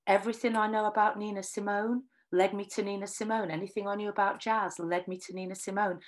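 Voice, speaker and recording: A middle-aged woman from Northwest England, a singer telling animated anecdotes and acting out the dialogue. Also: medium pitch, quick pace. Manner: lively storyteller, acts out quoted dialogue. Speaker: singer and writer giving a talk.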